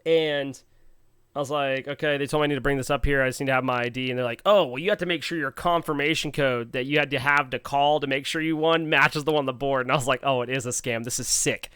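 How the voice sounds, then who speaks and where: Smooth-voiced man telling a story on a podcast. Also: medium pitch, no room sound, clean studio sound. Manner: animated, playful, quotes others in quick bursts. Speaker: podcast co-host. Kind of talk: casual storytelling chat.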